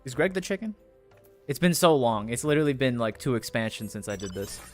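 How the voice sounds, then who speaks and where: A man's voice: mid-range voice, big pitch swings, fairly quick, a little mellow, soft background music. A man chatting casually to his viewers while playing a game live. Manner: chatty, rambling, talks to chat. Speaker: streamer. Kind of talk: casual live gameplay chat.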